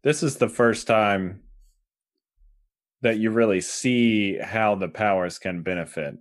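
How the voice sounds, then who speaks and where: A man's voice: on the low side, takes it slowly. A man co-hosting a podcast, laid-back in casual comic book chat, giving short agreeing replies and dry remarks. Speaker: podcast co-host.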